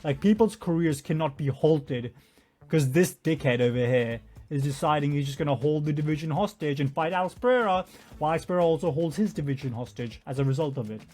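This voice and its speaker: A man's voice: on the high side, a little fast, warm tone. A man giving a profane, mocking commentary rant over interview clips. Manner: mocking, profane, does sarcastic impressions. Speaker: YouTube commentator.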